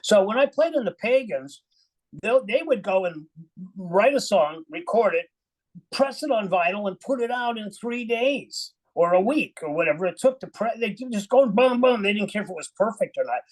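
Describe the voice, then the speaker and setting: A man's voice: high-pitched, lively intonation, normal speed, poor audio. An older man, a musician guest, telling anecdotes in a casual interview, acting out quotes and laughing often. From Cleveland, USA.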